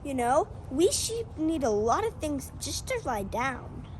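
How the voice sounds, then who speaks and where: A woman's voice: high-pitched, very animated, measured pace, slight background noise, low-quality recording. A woman voicing a thoughtful, wise sheep who earnestly explains things to the flock in an amateur scripture drama. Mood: reflective.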